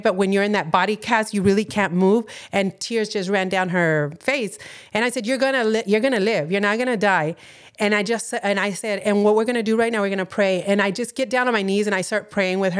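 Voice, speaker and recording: An earnest woman with a Californian accent tells a personal story of faith on a casual podcast. Her voice sits at an ordinary middle pitch, and she brings the people in her story to life by acting out their lines. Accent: Californian English. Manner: earnest storytelling, acts out quoted dialogue. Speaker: podcast co-host. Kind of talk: personal testimony in casual chat.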